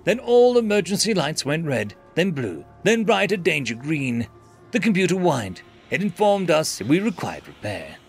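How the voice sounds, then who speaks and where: A man's voice: fairly high pitch, sing-song, moderate pace, soft background music. A man narrating a scripted science fiction story in a dramatic, dry manner.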